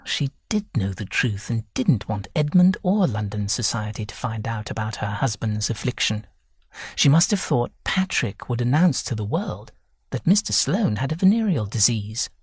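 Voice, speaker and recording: A man narrating a novel audiobook in a measured, even reading. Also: mid-range voice, breathy edge, no echo, clean studio sound. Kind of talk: scripted narration.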